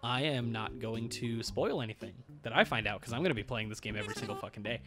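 A man's voice: medium pitch, fast. A man hosting a let's play, chatting casually, joking and handing out game tips. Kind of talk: casual gaming chat. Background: game music.

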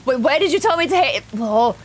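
A woman's voice: high-pitched, lively intonation, quick pace, a little hiss or hum. Chatty woman streaming a game. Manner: chatty, reads in-game notes aloud and greets chat. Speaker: gaming streamer. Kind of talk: live game streaming, reading notes and chat.

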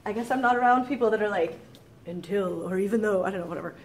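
A woman's voice: mid-range voice, fast. A woman teaching French in a casual video lesson, chatty and rambling, acting out quoted thoughts and laughing easily. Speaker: French tutor.

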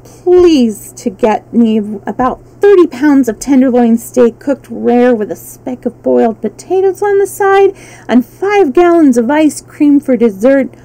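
A woman's voice: sits high, animated, measured pace, dark tone, rough recording. A woman voicing a big, always-hungry male tiger who pleads politely and sadly in a storybook reading. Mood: demanding.

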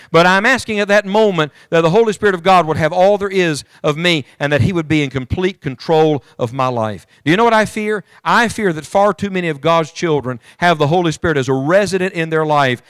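A man's voice: on the high side, fairly bright tone, smooth, dry recording. A middle-aged man preaching a sermon to a congregation, fervent and speaking to them directly. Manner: fervent, rising and falling, addresses the congregation directly. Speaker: evangelist preacher. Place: church.

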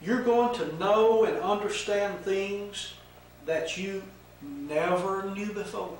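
An older man voicing a sly, smooth-talking male serpent-devil who drawls casually and then turns hushed and earnest, in an echoey room with the mic set far off. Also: high voice, slow, slight background noise.

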